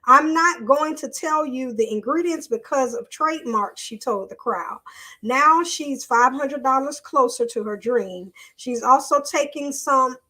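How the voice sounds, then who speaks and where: Chatty high-voiced woman live-streaming. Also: unhurried, bright, forceful tone. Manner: chatty, addresses viewers as y'all, loose and off-the-cuff. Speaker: host of a live online show. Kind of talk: casual live-stream talk and reading news aloud.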